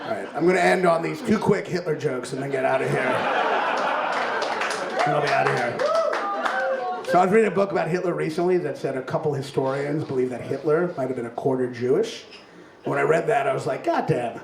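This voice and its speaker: A young man from Kentucky performing a stand-up set in a comedy club, animated and punching up his lines with loud exclaimed bursts. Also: fairly high pitch, a little fast, vocal fry, heavy background noise. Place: comedy club with laughing audience. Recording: roomy club with crowd laughter.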